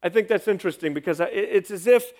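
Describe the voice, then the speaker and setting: A man's voice: sits high, fast talker, darkish tone. A man, a pastor, giving an emphatic sermon with a sarcastic edge.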